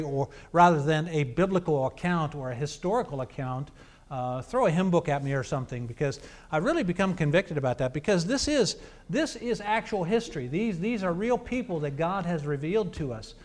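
A man's voice: a little high, animated, brisk. A man preaching a sermon, telling a scripture account in a conversational, storytelling way.

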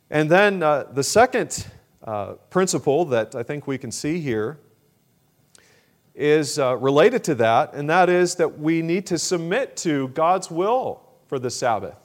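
Slightly high-voiced man preaching a sermon. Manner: measured, with frequent fillers and throat clearing.

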